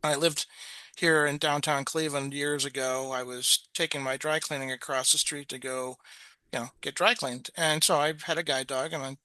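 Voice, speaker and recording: A man's voice: fairly high pitch, steady tone, moderate pace, bright, forceful tone, no echo. A man presenting in a webinar, telling a story in a chatty way with many restarts and quoted voices.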